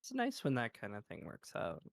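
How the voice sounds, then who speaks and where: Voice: mid-range voice, wildly swooping pitch, moderate pace, creaky. A guest on a stream, giving friendly, easygoing replies in casual chat.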